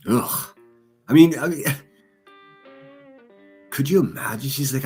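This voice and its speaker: A man's voice: mid-range voice, very animated, takes it slowly, pauses often, darkish tone, soft background music. A man hosting a livestream, reading chat and mocking people with crude insults and laughter. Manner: insulting, sneering, laughs at own jokes. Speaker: livestream host.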